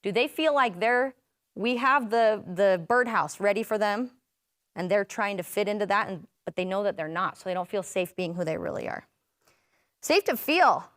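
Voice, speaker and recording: A woman leading a parenting workshop in a relaxed, conversational way, often turning questions back to her listeners and echoing their answers. Her voice sits a little high for a woman. The sound is close and dry, with almost no room echo. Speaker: workshop presenter. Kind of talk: interactive parenting workshop talk.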